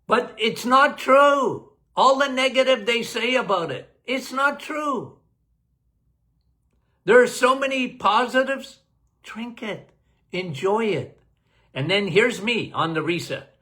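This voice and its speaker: A man's voice: extremely high pitch, animated, takes it slowly, sharp tone. A man, a doctor, answering health questions in a casual live Q&A, emphatic and folksy, often laughing.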